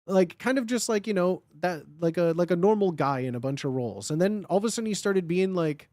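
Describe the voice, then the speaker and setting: A man's voice: high-pitched, expressive, darkish tone, no room sound, clean studio sound. A man chatting casually as a guest on a livestream, rambling and full of filler words. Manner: rambling, with lots of filler words, and quick laughs. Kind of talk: casual chat.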